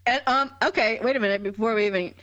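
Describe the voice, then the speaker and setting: A woman co-hosting a podcast in casual chat, excitable and gushing, swearing freely. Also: on the high side, quick pace, no room sound, dull audio. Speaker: podcast co-host.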